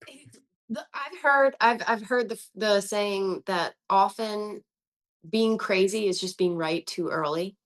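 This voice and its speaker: A woman's voice: mid-range voice, takes it slowly. Chatty American woman podcast host. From United States. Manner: animated storytelling, laughs often. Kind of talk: casual conversational podcast.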